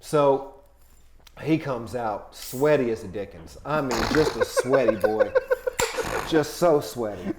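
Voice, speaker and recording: A man who is a touring comedian telling a wild story as a podcast guest, animated and profane, dropping to low asides and rising to loud outbursts. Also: slow, heavy background noise.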